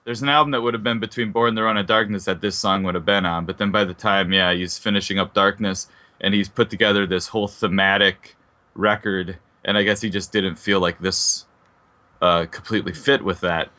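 Male co-host, somewhat low voice, bright and punchy delivery, eager fan chatter. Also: fairly even intonation, a little fast. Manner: enthusiastic, chatty, with filler words. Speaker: podcast co-host. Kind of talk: casual music discussion.

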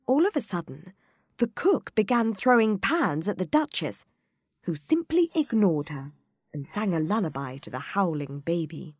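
A woman narrating a children's storybook in an expressive, unhurried way. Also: fairly low pitch, husky, no echo, studio quality.

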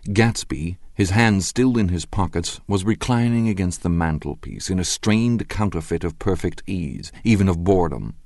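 A man narrating an audiobook in a measured, wry storytelling manner. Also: sits low, a little mellow, no room sound, studio quality. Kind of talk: scripted narration.

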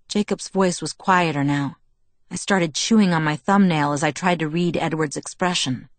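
A woman reading a novel aloud in first person, with steady, measured storytelling. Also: low voice, dry recording. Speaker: audiobook narrator.

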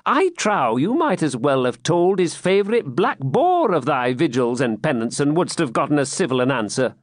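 A man's voice: a little high, big pitch swings, moderate pace, dry recording, clean studio sound, voice pushed up. A man voicing a witty jester who teases with a sly manner. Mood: mocking. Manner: sly, teasing. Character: witty mocking male jester.

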